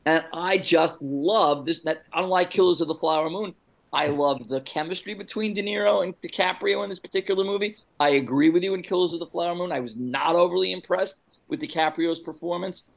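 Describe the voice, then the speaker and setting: A man with a fairly high voice talks about films in an easy, chatty way. He gets animated, stumbles through restarts and throws in quoted movie lines as he goes. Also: fairly quick, creaky, poor audio. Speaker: podcast co-host. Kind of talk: casual film chat.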